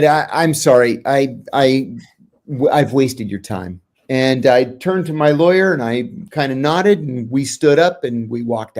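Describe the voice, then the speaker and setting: A middle-aged American man, a former intelligence officer, tells a story as an interview guest, acting out the quoted lines with sudden jumps in pitch. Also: darkish tone. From United States.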